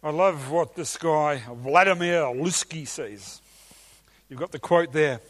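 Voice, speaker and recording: Guy preaching a sermon, pretty high voice, gets worked up and emphatic. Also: slow pace. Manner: enthusiastic, emphatic, some hesitations. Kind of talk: sermon teaching.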